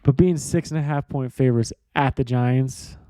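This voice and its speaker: A man's voice: medium pitch, moderate pace, mellow, clear, resonant tone, no room sound. A man hosting a sports podcast, giving casual, profane, rambling betting picks.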